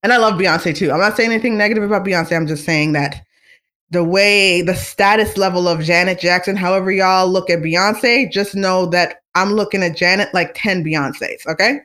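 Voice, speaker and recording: Vlogger, casual fan chat, excitable, rambling, gushing, mid-pitched voice. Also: normal speed.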